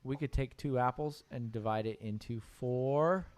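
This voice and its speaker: A man's voice: medium pitch, a little slow, a little mellow. A man teaching a piano class, joking with his students while he draws notes with a mouse.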